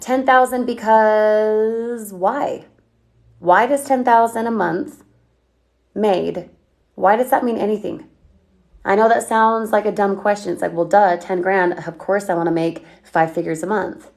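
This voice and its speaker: A woman coaching on a livestream, talking energetically and firing off questions at her viewers as she reads their comments. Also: mid-range voice. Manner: energetic, chatty, asks rapid questions. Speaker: online business coach.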